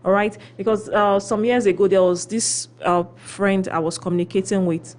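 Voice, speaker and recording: A woman on a radio show giving relationship advice. She tells stories with lively acted quotes and often checks in with "okay?". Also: medium pitch, normal speed. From Philippines. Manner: animated storyteller, acts out quotes.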